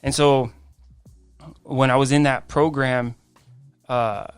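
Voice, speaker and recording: A man tells his life story on a podcast, jumping into the voices of the people he quotes. His tone is smooth and resonant, and the sound is close and dry, with faint music underneath. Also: medium pitch, takes it slowly, dry recording. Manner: animated storyteller acting out quoted dialogue; frequent restarts and "I'm like" quoting. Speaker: podcast guest.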